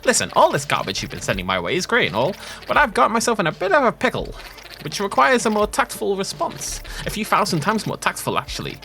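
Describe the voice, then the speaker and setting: A man's voice: sits high, wildly swooping pitch, fast, gravelly, bright, forceful tone, a little hiss or hum, voice pushed up, exaggerated voice. A man voicing a pushy, shady male dealer character in a raised, brash voice. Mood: wheedling.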